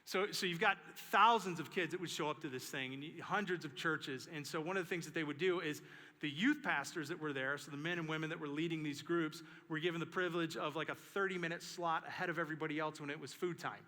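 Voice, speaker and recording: A male pastor preaching with animated storytelling and emphatic repetition. His voice sits fairly high and sounds bright and forceful. It rings through a church sanctuary with a long reverb tail. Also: fast talker. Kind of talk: sermon.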